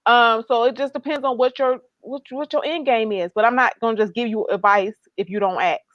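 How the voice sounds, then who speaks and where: A woman's voice: a little high, steady tone, brisk, no echo. A woman guest and author speaking bluntly and emphatically in a casual panel discussion over a video call. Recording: dull dry sound.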